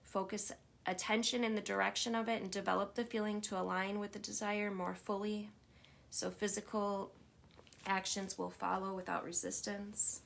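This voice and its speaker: A woman coaching listeners through self-talk and affirmations in a gentle, reflective way, often checking in with "right?". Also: medium pitch, level tone, moderate pace, vocal fry. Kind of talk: guided self-help talk.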